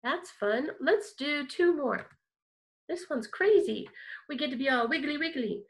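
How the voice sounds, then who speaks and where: A woman's voice: sits high, animated, a little slow. A woman teaching a kindergarten music lesson online, talking to small children in a cheerful, encouraging way and keeping her words simple.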